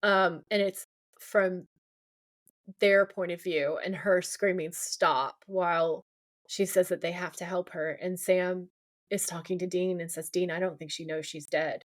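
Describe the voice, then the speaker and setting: A woman's voice: on the low side, fairly even intonation, measured pace. A woman co-hosting a podcast, retelling a TV episode in casual chat, quoting lines and ranting along the way. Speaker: podcast co-host.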